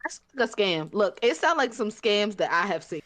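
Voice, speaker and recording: A woman's voice: medium pitch, sing-song, moderate pace, a bit bright. A woman co-hosting a podcast in casual chat, joking and explaining at length with many fillers. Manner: chatty and joking, trailing filler-heavy explanations. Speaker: podcast co-host.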